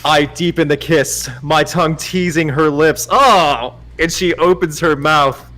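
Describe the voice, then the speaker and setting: A man as guest reader on a livestream, giving a mock-dramatic, teasing reading and loudly urging the host on. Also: fairly high pitch, measured pace, poor audio. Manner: teasing, theatrical, swings to loud urging.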